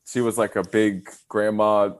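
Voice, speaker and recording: With a fairly low voice and a measured pace, a thirtysomething man guests on a podcast over a video call. He tells stories animatedly in casual conversation, imitating the people he quotes.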